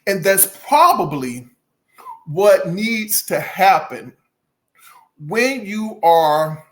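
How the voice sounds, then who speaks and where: Casual music channel host, talks to viewers like friends, laughs through it, very lively pitch. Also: drawn-out words. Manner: laughs often, chatty and animated; addresses viewers directly with folksy asides. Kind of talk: casual commentary to camera.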